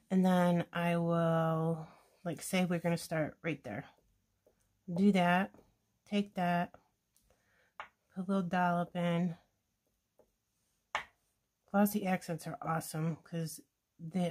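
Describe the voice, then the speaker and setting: A woman chatting casually through a scrapbooking tutorial, gushing and thinking aloud as she works. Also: fairly low pitch. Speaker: scrapbooking crafter demonstrating a layout. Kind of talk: casual craft tutorial chat.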